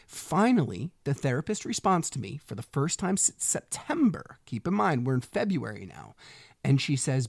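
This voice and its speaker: A father in casual personal storytelling, animated, acting out quoted dialogue and swearing freely. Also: medium pitch, normal speed, dry recording, clean studio sound.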